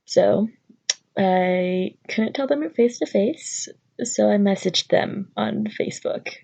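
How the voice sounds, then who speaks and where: A woman's voice: medium pitch, slow, vocal fry, mellow. A young woman telling a personal story in a vlog, nervous and rambling with many fillers. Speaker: vlogger.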